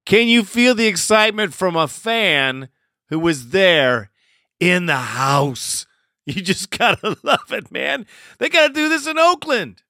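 A man's voice: high voice, animated, a little slow, bright, forceful tone, no echo, studio quality. Chummy laughing male host. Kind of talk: call-in show hosting.

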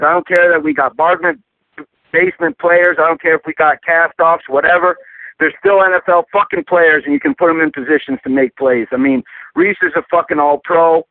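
A man's voice: on the high side, gravelly, no echo. A man from New York calling in to a sports talk show, venting angrily with heavy profanity. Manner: angry, profane, rapid venting. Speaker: caller. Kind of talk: phoned-in fan rant. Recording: tinny phone line.

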